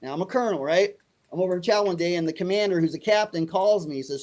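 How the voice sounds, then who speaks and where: A man's voice: high voice, racing. A middle-aged man telling a story in an interview, acting out the other voices in it. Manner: animated, acts out dialogue. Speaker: guest.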